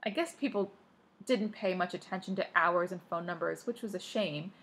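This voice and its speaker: A woman's somewhat low, slightly rough voice carries a first-person audiobook narration at normal speed with a bit of brightness. Along the way she adds casual asides of her own.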